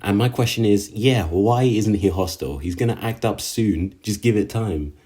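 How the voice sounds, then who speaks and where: A man's voice: on the low side, moderate pace, mellow, husky. A man recapping an anime episode in a casual, slangy way, often exasperated and full of fillers. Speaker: anime reviewer.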